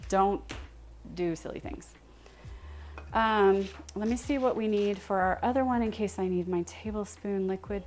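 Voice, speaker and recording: A young woman hosting a cooking livestream from her home kitchen, chatting casually with viewers, self-deprecating and quick to laugh. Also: mid-range voice, a little mellow, slight background noise. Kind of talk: casual chat with live viewers while cooking.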